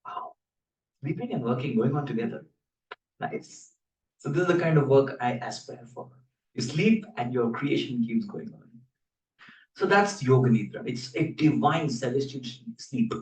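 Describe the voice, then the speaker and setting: A man's voice: mid-range voice, moderate pace, darkish tone. A man giving a scripture class as a sermon, telling stories with playful, joking asides to his audience. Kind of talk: sermon storytelling. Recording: roomy hall, voice from a distance.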